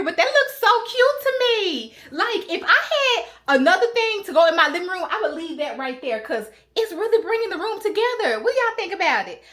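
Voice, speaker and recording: A young woman chats to her viewers in a high, bright voice. Her pitch swings widely as she talks, and she speaks. The talk is casual vlog chatter. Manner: chatty, animated, says "y'all" often. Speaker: lifestyle vlogger.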